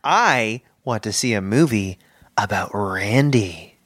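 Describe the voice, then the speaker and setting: A man co-hosting a comedy podcast, wry and hesitant with deadpan asides. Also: fairly low pitch, takes it slowly, dry recording, clean studio sound. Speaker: podcast co-host. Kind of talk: improv comedy banter.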